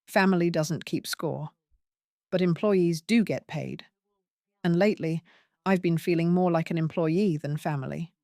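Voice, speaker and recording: A woman voicing a hurt but firm older widowed mother, questioning pointedly in a low voice. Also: unhurried, darkish tone, no echo, studio quality. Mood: confronting.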